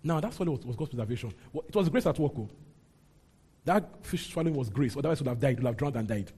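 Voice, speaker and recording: Animated preacher, husky voice. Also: male voice, medium pitch, fast. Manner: animated, rising into mock outrage when voicing characters. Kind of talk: Bible teaching.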